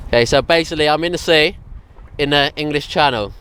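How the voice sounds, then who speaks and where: A man's voice: fairly high pitch, brisk, a bit bright, clear, resonant tone. Seasick man self-filming on a dinghy. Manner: loose, rambling, with fillers. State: seasick and weak; cold and tired, speaking low. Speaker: survival vlogger. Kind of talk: self-filmed survival vlog. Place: small dinghy at sea, outdoors. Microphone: self-held camera.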